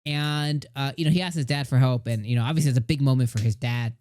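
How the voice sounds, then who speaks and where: A man's voice: medium pitch, fast talker, a little mellow, dry recording, clean studio sound. A middle-aged man casually reviewing an anime episode, gushing and rambling with many fillers.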